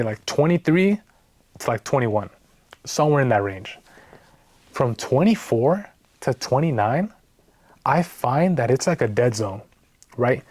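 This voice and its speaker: A man's voice: medium pitch, darkish tone, no room sound. A man telling a story in a casual vlog, in a frank, exasperated way that keeps checking in with "right?". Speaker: vlogger.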